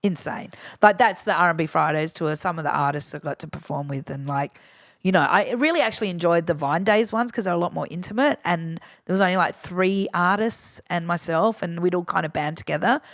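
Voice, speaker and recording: A woman's voice: lowish voice, brisk, no room sound, clean studio sound. A woman, a DJ chatting frankly in an interview, swearing freely and acting out what others said. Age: 50s. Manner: frank, swears freely, acts out quoted voices. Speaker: DJ guest. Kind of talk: casual interview chat.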